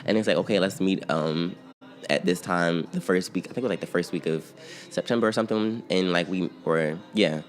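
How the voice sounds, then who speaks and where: A man's voice: sits low, a little fast. A young man from the outskirts of Philadelphia, telling stories in a casual interview with a loose, rambling flow, lots of fillers and bursts of laughter. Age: young adult. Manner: laid-back, rambling, many fillers, breaks into laughter. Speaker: interview guest, singer-songwriter and producer. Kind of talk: casual storytelling chat.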